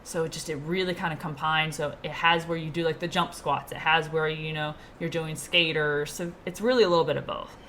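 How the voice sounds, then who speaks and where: A woman's voice: low voice, steady tone, brisk, few pauses, fairly bright tone, slight background noise. A woman guest talking casually and enthusiastically about running, laughing easily. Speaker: podcast guest, teacher and runner. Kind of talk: casual chat.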